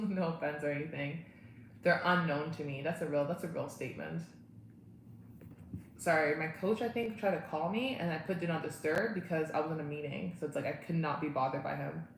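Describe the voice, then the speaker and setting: A woman's voice: low-pitched, a little fast, vocal fry. A young woman hosting a casual livestream from home, chatting and answering viewer comments. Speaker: livestream host. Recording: echoey room, faint ambient noise.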